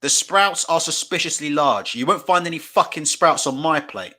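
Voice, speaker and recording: A man hosting a live stream, with a high, bright voice that swings up and down as he reacts. He swears freely and breaks into laughter often. He speaks into a desk mic at his computer. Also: animated, moderate pace.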